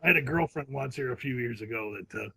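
A middle-aged man guesting on a podcast, talking in a loose comic way and breaking into cartoon impressions and shouts. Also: medium pitch, quick pace, vocal fry, a crowd in the background.

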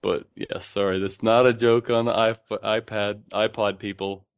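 A man co-hosting a podcast in casual chat, speaking in a flat, monotone way and laughing often. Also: lowish voice, moderate pace, smooth, no echo, clean studio sound. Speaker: podcast co-host.

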